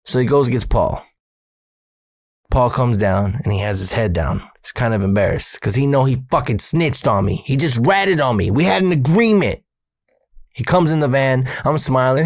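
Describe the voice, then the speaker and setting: A man telling a comedic personal story, animated and full of profanity. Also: medium pitch, normal speed, no room sound, clean studio sound.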